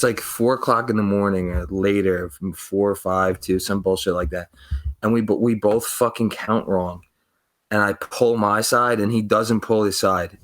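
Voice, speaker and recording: A man's voice: lowish voice, a bit bright. A young man on a casual podcast, telling a long rambling story full of swearing and acted-out quotes. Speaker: podcast co-host.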